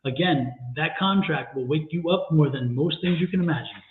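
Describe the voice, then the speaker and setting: A man co-hosting a livestream tarot reading, deliberate and emphatic with a wry edge. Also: on the high side, crowd noise. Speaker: tarot reader and co-host. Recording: tinny phone-like sound in an echoey room.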